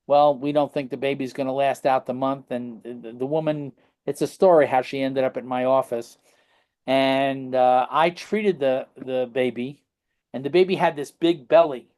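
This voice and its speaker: A man's voice: mid-range voice, darkish tone. A middle-aged man telling stories in a rambling interview, constantly checking in with tag questions. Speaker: guest practitioner. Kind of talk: casual anecdotal interview talk.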